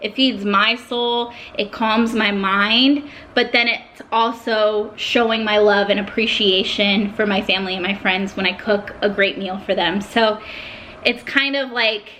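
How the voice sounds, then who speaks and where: Bright-voiced young woman vlogging. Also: medium pitch, fairly even intonation, unhurried, a little hiss or hum. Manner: heartfelt, emotional at times. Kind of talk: casual talk to camera.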